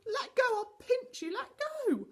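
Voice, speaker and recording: A woman reading aloud and voicing a sulky little girl who complains and cries in a high, tearful voice. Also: sing-song, a little fast, a bit bright, breathy edge, exaggerated voice. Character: sulky, whiny little girl prone to crying.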